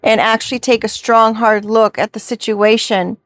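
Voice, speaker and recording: A woman's voice: fairly high pitch, flat delivery, moderate pace, fairly bright tone, no room sound. A woman giving a reflective spiritual reading to camera, posing rhetorical questions. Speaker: tarot reader.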